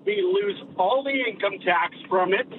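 A man's voice: sits high, moderate pace. A man calling in to a radio show from Canada, speaking in an indignant, emphatic way. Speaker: caller. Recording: noisy phone line.

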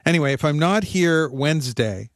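A man's voice: fairly high pitch, expressive, normal speed, no room sound, clean studio sound. A man co-hosting a radio show in casual, rambling chat. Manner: chatty, rambling, easygoing. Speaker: radio co-host.

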